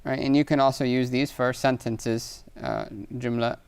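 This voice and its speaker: A man's voice: mid-range voice, level tone, normal speed, darkish tone, clean tone. A man teaching an Arabic grammar lesson, explaining patiently and reading Arabic examples aloud, often checking in with "right?". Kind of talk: recorded online lesson.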